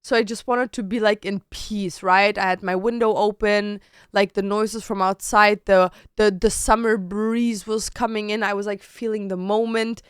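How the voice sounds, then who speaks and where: A woman streamer chatting casually to her viewers at home, expressive and slangy, full of "like". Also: medium pitch, moderate pace, clean tone, dry recording, studio quality. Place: home bedroom.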